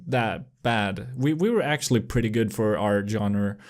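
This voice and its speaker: A man's voice: on the low side, normal speed. A young man co-hosting a podcast in casual chat, stammering with repeated words and laughing easily. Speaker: podcast co-host.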